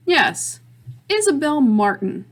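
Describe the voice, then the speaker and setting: A woman reading a story, voicing a polite, formal older gentleman visitor with a courteous, measured manner. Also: high-pitched, big pitch swings, pitched above the performer's own voice, full character voice.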